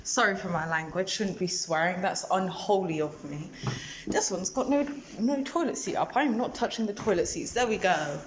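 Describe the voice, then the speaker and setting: A woman's voice: medium pitch, normal speed. A young woman ranting about her own story in a rambling, emotional way, filming herself on a phone. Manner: rambling, emotional, animated storytelling with many restarts. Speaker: vlogger. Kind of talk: ranting personal monologue. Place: outdoors, then a dark public bathroom. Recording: phone video with loud background noise.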